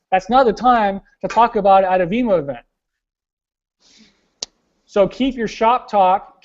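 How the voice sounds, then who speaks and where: Young male team leader, high-pitched, blunt and casual, hosting a webinar call; muffled lo-fi sound. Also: darkish tone. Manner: blunt, casual, slangy, keeps saying "guys". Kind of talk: motivational coaching talk.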